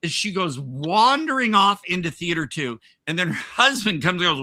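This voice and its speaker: A man's voice: high voice, very animated, normal speed, hardly any pauses, pushed and bright. A man hosting a podcast, telling a rambling workplace anecdote in casual chat with frequent laughs and restarts. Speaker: podcast host.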